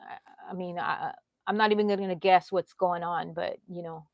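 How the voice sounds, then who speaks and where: A middle-aged woman, hosting a casual crochet livestream. She chats warmly and emotionally, greeting viewers by name and reassuring them. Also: fairly low pitch, fairly even intonation, normal speed, no echo, highs cut off. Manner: chatty, reads out viewer comments by name. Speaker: crochet channel host.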